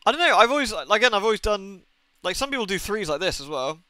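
A young man chats loosely to his viewers while playing a game, with frequent cursing and exasperated tangents. His voice sits a little high for a man and sounds bright and crisp. It is recorded dry and close, with faint game music underneath. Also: big pitch swings, fast, no room sound. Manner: swears often, rambling and exasperated, talks to chat. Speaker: streamer. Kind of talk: casual live-stream chat while gaming.

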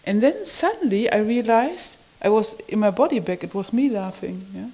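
A woman recalling a personal experience in conversation, halting and marvelling, often ending phrases with a questioning "yeah?". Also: medium pitch, expressive, warm tone, poor audio. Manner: wondering, marvelling delivery. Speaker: community member sharing an experience.

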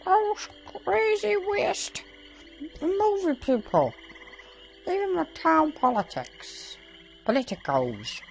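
A woman voicing a grieving, gruff old swamp hermit in a squeaky, Muppet-like voice with slow, drawling emphasis. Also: a little mellow, low-quality recording.

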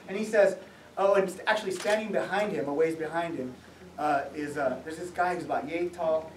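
A high-voiced man tells his story to a live audience with lively laughs, acting out each person he met. He is recorded from across an echoey room. A faint hum sits under the talk. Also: brisk. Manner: animated, laughing storyteller who acts out the people in his story. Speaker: author giving a public talk. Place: museum event space. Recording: echoey room, mic from far off.

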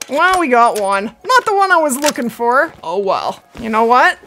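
Excitable woman narrating her hunting game. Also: high voice, moderate pace, noisy background. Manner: chatty, excitable, talks to herself while playing. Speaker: gaming channel host. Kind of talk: casual gameplay commentary.

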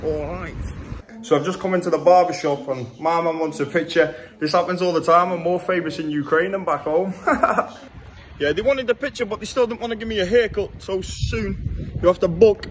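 A man's voice: high voice, steady tone, moderate pace, slight background noise. Chatty, swearing young man on the street. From England. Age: 20s. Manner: chatty, blunt and jokey, swearing freely. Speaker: travel vlogger. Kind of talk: casual walking vlog. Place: city streets outdoors.

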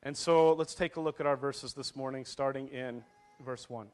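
A man's voice: mid-range voice, steady tone, normal speed, darkish tone. A man in his thirties preaching a sermon, telling a family story with laughs and acted quotes before reading scripture. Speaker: pastor.

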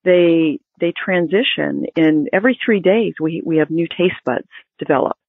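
A woman health expert explaining diet in an interview, informative and measured. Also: low voice, vocal fry, breathy edge, no echo. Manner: explanatory, informative, with some restarts. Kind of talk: interview answers. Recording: phone-like, dry line.

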